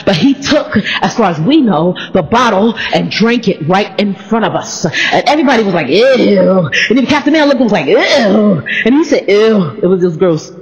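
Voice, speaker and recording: A woman's voice: medium pitch, lively intonation, fairly quick, few pauses, a crowd in the background. A woman pastor preaching a playful sermon, stalling on p-sounds and calling out to the congregation. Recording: reverberant hall, dull sound.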